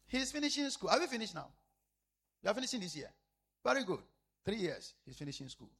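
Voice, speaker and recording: A pastor preaches a sermon in a high-pitched, husky voice, talking fast with big pitch swings. He repeats phrases emphatically and swings between loud declarations and hushed asides.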